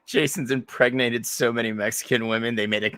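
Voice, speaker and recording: A man's voice: medium pitch, fairly even intonation, fairly quick, a bit bright, no echo. A man co-hosting a podcast, riffing crude jokes and laughing in casual chat. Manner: crude joking riffs, laughing. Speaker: podcast co-host.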